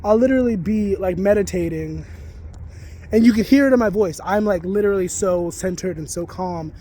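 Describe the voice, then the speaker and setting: A man's voice: high-pitched, moderate pace, warm tone. A man venting in a casual vlog rant, heated and full of swearing, recorded outdoors. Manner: profane, heated, rambling. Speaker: psychic reader and spiritual content creator. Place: outdoors near geese.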